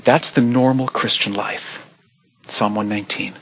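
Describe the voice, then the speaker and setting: A man preaching a sermon as pastor, earnest and pleading, with sudden animated bursts. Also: mid-range voice, moderate pace, pauses often, slightly rough, lo-fi sound. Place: church sanctuary.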